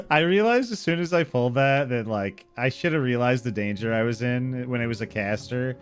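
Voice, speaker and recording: A young man chatting casually with viewers while he streams a game, relaxed, laughing often and swearing freely. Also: medium pitch, a little fast, hardly any pauses, soft background music. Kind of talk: casual live-stream chat while gaming.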